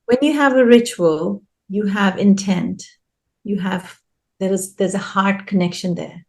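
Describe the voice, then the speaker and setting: A woman's voice: mid-range voice, a little slow, darkish tone. Female education consultant, earnest interview guest who stresses points by repeating them. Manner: earnest, repeats key phrases for emphasis. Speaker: early childhood education consultant.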